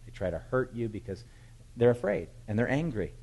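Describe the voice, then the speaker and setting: A man preaching a sermon, retelling a Bible story with animated, emphatic storytelling. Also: medium pitch, fairly quick, vocal fry, slightly rough, low-quality recording. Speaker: pastor.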